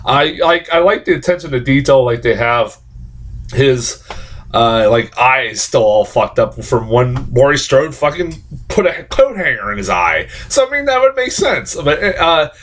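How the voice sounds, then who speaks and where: Excitable, profane man reviewing a movie. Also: mid-range voice, measured pace. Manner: profane, excitable, laughing, rambling with restarts.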